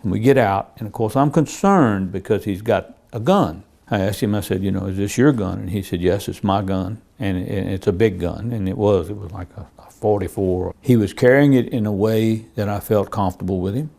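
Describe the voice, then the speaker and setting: Lower-pitched male cop telling case stories for a crime interview, plainly told, voicing the exchanges. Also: moderate pace, gravelly, few pauses, warm tone. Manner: plain storytelling, acts out quoted dialogue. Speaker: police officer. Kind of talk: true-crime interview recounting cases.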